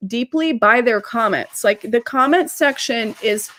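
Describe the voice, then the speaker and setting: Woman, business coach, somewhat high voice, chatty fillers, video-call chat. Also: a bit bright. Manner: chatty, quick asides and hedging fillers. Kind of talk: casual live-stream chat.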